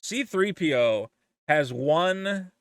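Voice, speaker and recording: A man's voice: on the high side, animated, takes it slowly, clean tone, no room sound. A man giving casual, profane, rambling commentary as a vlogger.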